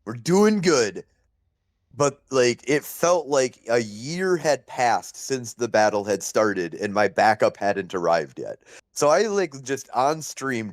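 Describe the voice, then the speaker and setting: A man's voice: medium pitch, no room sound. Laughing man telling a battle story. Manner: animated storytelling, laughs often, many fillers. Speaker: podcast host. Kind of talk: casual podcast chat.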